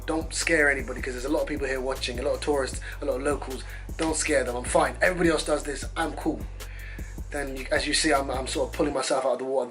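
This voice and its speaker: A man vlogger telling a story to camera in a casual, animated, profane and self-mocking way. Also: medium pitch. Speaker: travel vlogger.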